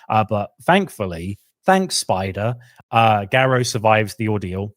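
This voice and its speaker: Low-voiced man, dry close sound. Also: sing-song, dry recording. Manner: chatty, acts out characters' lines in quick asides. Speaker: podcast co-host. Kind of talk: casual lore discussion.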